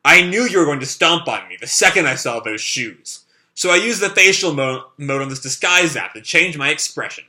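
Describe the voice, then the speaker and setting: A man puts on a smug, clever young man explaining his trick. The tone is bright and animated. The pitch sits a little high. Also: normal speed.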